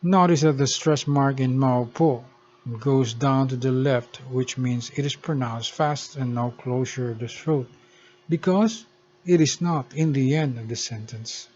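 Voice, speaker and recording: Slow, careful male language teacher. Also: mid-range voice, darkish tone. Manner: slow, careful explaining of pronunciation. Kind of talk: scripted lesson narration. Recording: dull lo-fi recording.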